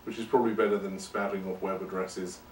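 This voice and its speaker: Lowish guy rambling through a podcast, joking at his own expense, kinda far from the mic. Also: little pitch movement, fast talker, slight background noise. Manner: rambling and self-deprecating. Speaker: podcast host. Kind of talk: casual monologue. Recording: roomy and distant from the mic.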